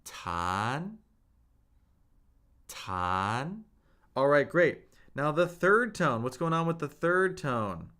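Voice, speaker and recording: A man's voice: on the high side, animated, a little slow, a bit bright. A man teaching a live language lesson, patiently repeating each point and modelling spoken tones for his viewers. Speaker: Mandarin teacher.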